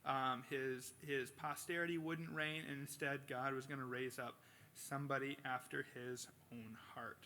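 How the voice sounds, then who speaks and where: Bright-voiced male pastor preaching. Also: mid-range voice, moderate pace, slight background noise. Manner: casual storytelling with bursts of animated impressions. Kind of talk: sermon. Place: church sanctuary.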